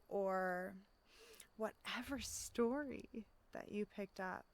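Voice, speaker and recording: A woman speaking as a life coach in a casual self-help monologue, reflective, often checking in with "right?" and pausing for audible deep breaths. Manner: acts out inner voices in quotes.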